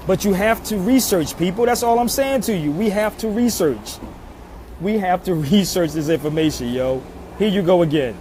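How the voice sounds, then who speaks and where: A man from Philadelphia lectures in the open air, earnest and insistent, circling back to the same pleas again and again. His voice sits a little on the high side. City traffic rumbles clearly behind him. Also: lively intonation, normal speed, darkish tone. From Philadelphia, USA. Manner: emphatic and preachy, repeating pleas. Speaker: social media commentator. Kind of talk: impassioned street monologue. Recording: outdoor traffic noise.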